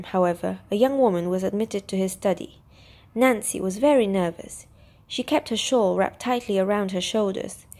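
A woman whose first language is Vietnamese, reading a classic storybook aloud in steady, clear narration. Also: mid-range voice. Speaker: storybook reader. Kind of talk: scripted narration.

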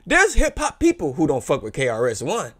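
Man, reaction host, casual slangy chat, excitable outbursts, slightly high voice. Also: a little fast, dry recording. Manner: animated, slangy, excitable with loud exclamations.

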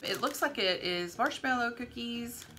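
A middle-aged woman co-hosting a casual tasting vlog with her daughter, upbeat and quick to sound delighted. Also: on the high side, expressive, noisy background. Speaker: vlog co-host, mother. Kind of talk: casual chat.

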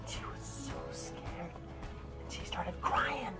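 A man, a father, telling a child a whispered bedtime story in a hushed voice, acting out the characters. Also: high voice, lively intonation, measured pace, loud music behind the voice.

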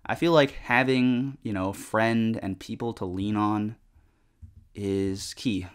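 Here a young man talks slowly while he plays, his fairly low voice clean and even in tone. It's a gaming vlogger's loose chatter, full of filler words and cursing aimed at the game.

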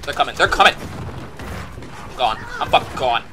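A man giving live gameplay commentary, excitable and profane, muttering one moment and shouting the next. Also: mid-range voice, moderate pace, slight background noise.

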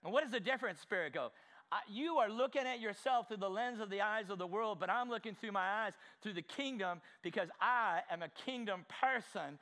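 A man preaching a sermon with fervor, asking the congregation direct questions and swinging from quiet asides to shouted exclamations. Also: high voice, a little fast. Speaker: pastor.

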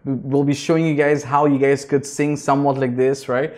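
A young man with an Indian English accent, coaching singing in a reaction video, energetic and always checking in with "right?". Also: mid-range voice, a little fast. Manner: energetic, ends phrases with "right?"; restarts and repeats words often. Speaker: vocal coach.

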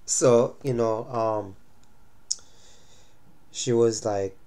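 A young man speaks to camera in a casual vlog, his voice stuffed up and light from a cold. He lectures about relationships in a mid-range voice and keeps stopping to ask whether the listener understands. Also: mid-range voice. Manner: lecturing, repeatedly asks "you understand?". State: congested from a cold. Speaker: vlogger giving relationship advice. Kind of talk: casual talking-to-camera monologue.

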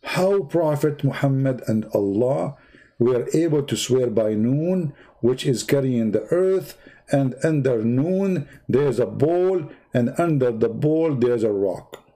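Speaking slowly in an expressive, dark-toned mid-range voice, this channel host draws as he talks. His commentary is sarcastic, full of rambling tangents and rhetorical questions meant to mock.

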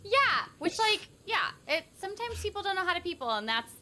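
A woman's voice: very high voice, very animated, sharp tone, a little hiss or hum. A young woman streaming a game, chatting casually with a bubbly, giggly manner. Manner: bubbly, giggly, quick to laugh. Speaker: streamer and voice actor. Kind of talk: casual live-stream chat while gaming. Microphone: home streaming mic.

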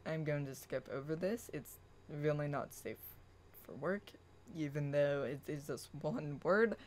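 Spiritual vlogger, very slow, halting, many pauses, soft chant-like reading, mid pitch. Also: low-quality recording. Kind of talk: personal rant and reading own blog post aloud.

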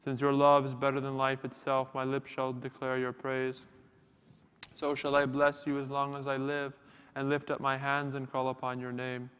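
A man chanting psalms at a church liturgy in a steady, unwavering monotone. His voice is smooth and resonant at a middle pitch. The long reverb of the church hangs after every phrase. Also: normal speed.

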